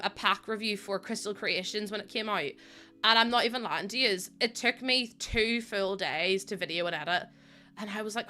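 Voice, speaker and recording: Building in a game on a relaxed live stream, a young Northern Irish woman with a matching accent talks to her viewers, rambling and laughing a lot. Her voice sits on the high side and sounds pushed and bright.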